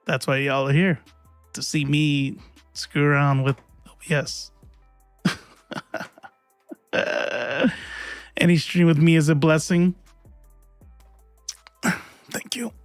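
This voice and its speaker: Chatty man, slightly high voice. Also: takes it slowly, pauses often, no echo, faint music behind. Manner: chatty, laughing, swearing, fumbling with settings. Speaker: livestream host. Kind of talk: casual livestream chat.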